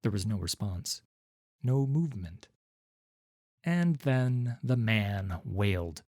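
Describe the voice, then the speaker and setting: Guy reading a fantasy audiobook, slow and measured, dry sound. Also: on the low side, lively intonation, a little mellow, no echo. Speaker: audiobook narrator. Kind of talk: scripted narration.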